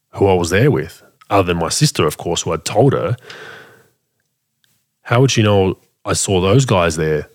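A man telling a story in a casual way, animated and full of restarts, acting out the dialogue. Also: sits low. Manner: animated, acts out quoted dialogue, frequent restarts.

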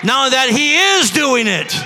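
Preacher guy with a real high bright voice, yelling a sermon in a big echoey church. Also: very animated, normal speed, slight background noise. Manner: preaching, builds to shouting and prophecy. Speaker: pastor.

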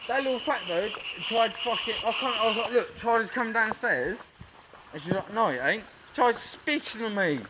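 A man's voice: very high-pitched, normal speed. A young man ranting and swearing at someone on the phone in the street, repeating his complaints over and over. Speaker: passer-by on the phone. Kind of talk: heated phone call in the street. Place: outdoors in the street. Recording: noisy outdoor street recording.

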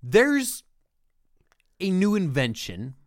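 A man with a Pittsburgh accent chats and rants on a podcast, his voice rising and dipping in lively swings. The room sounds dry and close. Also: high voice, slow, no room sound. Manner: ranting, exasperated. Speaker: podcast co-host. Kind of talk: casual chat.

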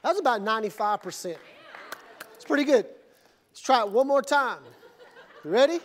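A male pastor with a very high voice for a man preaches in a church sanctuary at a moderate pace, with slight background noise. Calm, steady teaching gives way to shouted, energetic call-and-response with his congregation.

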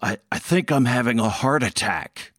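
A man voicing a frail older woman in distress who pleads quietly for help, as part of a told story. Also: mid-range voice, normal speed, no echo, clean studio sound, lightly acted. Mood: pleading.

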